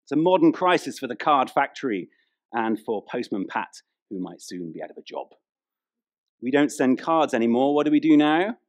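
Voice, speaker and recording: A man's voice: medium pitch, sing-song, normal speed. A man, preaching a humorous, chatty sermon in a church. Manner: humorous storytelling, chatty, playful with the congregation. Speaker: pastor.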